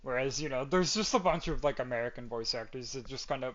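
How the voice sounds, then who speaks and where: A man's voice: mid-range voice, fairly even intonation, fairly quick, few pauses, dull audio, a crowd in the background. A man hosting a podcast in casual chat, rambling and often ending his points with "right?". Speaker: podcast host.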